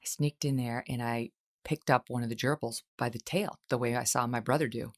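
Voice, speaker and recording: A middle-aged woman hosting a talk show, chatting casually and telling lively stories in which she acts out quoted voices. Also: a bass voice, a little fast. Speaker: host. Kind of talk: casual chat.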